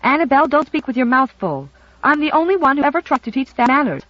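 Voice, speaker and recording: Storybook character: reader voicing a bossy, indignant girl, lively pitch, dry. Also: a little fast, dry recording, muffled recording.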